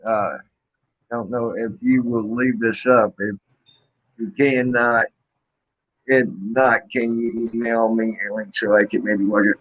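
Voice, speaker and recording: A man in a relaxed, casual chat who reads out viewers' messages. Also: medium pitch, a little slow, poor audio.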